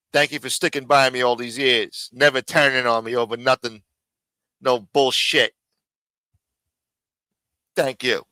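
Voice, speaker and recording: Stream host, male, profane and mocking, forceful dry delivery. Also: mid-range voice, dry recording. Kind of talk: live stream reaction commentary. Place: home studio.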